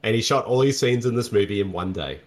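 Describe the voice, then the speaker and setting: A man's voice: fairly low pitch, fast talker. A man co-hosting a casual movie commentary, joking and reacting to what is on screen. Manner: jokey and animated. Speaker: co-host.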